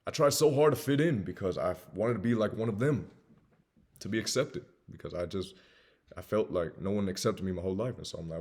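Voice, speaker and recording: A young man in his twenties hosts a self-improvement monologue at a brisk clip, his husky, fairly low voice carrying a faint Southern lilt. He's emphatic and repetitive, alternating between loud urging and soft confessional moments.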